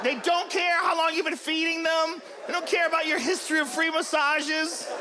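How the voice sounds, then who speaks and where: Loud, foul-mouthed male stand-up with a high voice, recorded live over a roaring audience. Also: little pitch movement, normal speed, background noise. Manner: loud, profane, shouting punchlines and acting out animals. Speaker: stand-up comedian. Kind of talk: stand-up routine. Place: comedy stage before a large audience. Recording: live show with loud crowd. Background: loud audience laughter.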